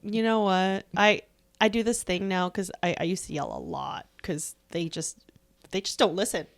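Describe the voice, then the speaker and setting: A woman co-hosting a podcast, chatting casually in a calm, matter-of-fact way. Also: mid-range voice, normal speed, vocal fry. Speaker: podcast co-host. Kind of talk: casual chat.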